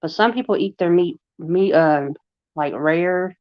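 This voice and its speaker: A woman with a Long Island accent chats slowly and rambles through a casual livestream, her voice a little low. The sound is dry and slightly dull, like a lo-fi home recording. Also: no echo. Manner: rambling, chatty, heavy use of fillers. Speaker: livestream host.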